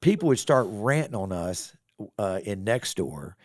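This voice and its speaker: A middle-aged man telling a story in a casual podcast interview, folksy and animated. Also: fairly low pitch, a little slow, dry recording, studio quality. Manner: folksy, animated storyteller acting out quoted voices. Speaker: business owner and real estate developer.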